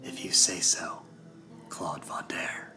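A man voicing a cold, amused female inquisitor in a low, menacing whisper while narrating a story. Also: slow, lightly acted. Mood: coldly amused. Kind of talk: narrated audiobook acting. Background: background music.

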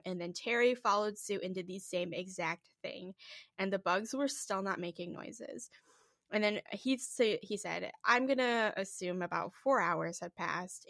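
Female podcast co-host, mid-pitch, loose and profane, recorded dry and close. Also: fairly bright tone, no echo. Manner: loose retelling with many "like"s and swearing. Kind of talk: casual storytelling chat.

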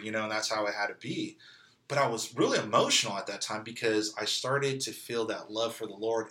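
A man's voice: fairly low pitch, sharp tone. A man from California telling his story as an interview guest, candid and conversational, peppered with "like" and "you know.". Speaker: interview guest sharing testimony. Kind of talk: casual storytelling.

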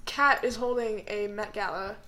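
A woman's voice: medium pitch, fairly even intonation, normal speed, background noise. A young woman co-hosting a podcast, chatting casually, giggly and a little hesitant. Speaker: podcast co-host. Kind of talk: casual chat.

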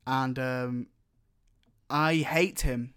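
A man in casual chat, opinionated and animated as he rants. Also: mid-range voice, very slow, smooth.

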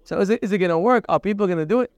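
High, smooth-voiced man giving a Torah class. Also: rapid-fire, no room sound. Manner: animated, rhetorical questions, quotes Hebrew verses. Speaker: rabbi teaching a class.

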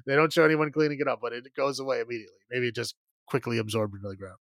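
A man recaps a film for a podcast in a loose, rambling way, laughing often and filling pauses with fillers. His pitch sits mid-range, and the close, dry mic gives no room sound. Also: fairly even intonation, dry recording. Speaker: podcast co-host. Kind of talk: casual movie recap chat.

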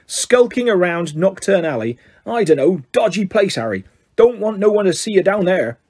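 A man voicing a huge, gruff, big-hearted gamekeeper who growls his words. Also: sits high, big pitch swings, moderate pace, darkish tone, heavily acted.

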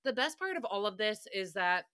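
A woman's voice: mid-range voice, big pitch swings, a little fast, sharp tone, clean tone, no echo, studio quality. Sassy, foul-mouthed woman podcaster. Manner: sassy, profane, ranting, mock voices for quotes. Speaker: podcast host. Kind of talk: casual solo recap podcast.

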